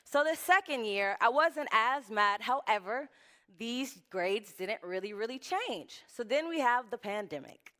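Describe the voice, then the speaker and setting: Woman presenter, upbeat and chatty, higher voice, talk recorded in a conference hall. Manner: lively, chatty, quick. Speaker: conference speaker. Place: conference stage.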